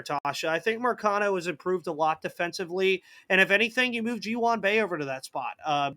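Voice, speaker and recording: Bright-voiced man hosting a live podcast. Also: on the high side, no echo. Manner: casual, reads viewer comments and answers them. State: coughing. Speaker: podcast host. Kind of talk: live postgame podcast chat.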